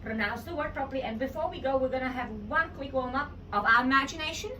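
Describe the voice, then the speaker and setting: A woman's voice: high-pitched, fast, pushed and bright, recorded from a distance, slight background noise. A woman teaching a children's drama lesson at home, coaxing and encouraging. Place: home room with her child.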